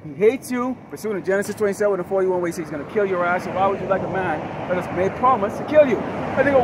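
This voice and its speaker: A high-voiced man preaches outdoors on a city street. He is combative and profane, firing one rhetorical question after another. Loud traffic fills the background. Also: lively intonation, quick pace. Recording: heavy street traffic noise. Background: loud traffic noise.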